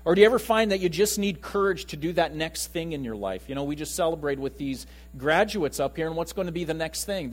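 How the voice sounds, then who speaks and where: Man, pastor, conversational sermon, somewhat high voice, faint hum underneath. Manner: conversational, animated preaching with acted quotes.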